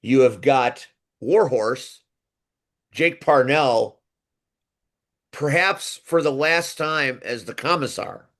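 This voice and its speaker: Guy hosting a podcast, excited rambly preview talk, mid-pitched. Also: slow, long pauses. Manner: enthusiastic, rambling with restarts. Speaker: podcast host. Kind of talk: casual wrestling preview chat.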